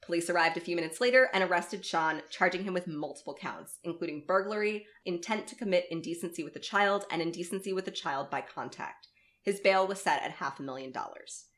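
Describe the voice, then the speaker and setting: Low-voiced woman narrating, blunt and sweary. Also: brisk, a bit bright. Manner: reads the story aloud, breaks in with blunt swearing. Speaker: podcast co-host. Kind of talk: narrating a true story in casual chat.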